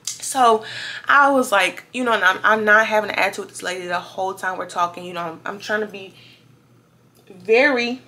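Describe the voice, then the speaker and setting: A young woman in her twenties talks straight to her viewers in a casual storytime vlog. Her voice is bright and clear, and her delivery is chatty and animated. She keeps calling out to her audience as she tells the story. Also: mid-range voice, moderate pace. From Louisiana. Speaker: vlogger.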